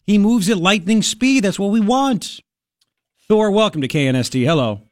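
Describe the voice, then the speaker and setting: A man's voice: high-pitched, lively intonation, moderate pace, no room sound, studio quality. A man hosting a talk radio show, brash and joking, rambling in casual chat. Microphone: studio microphone.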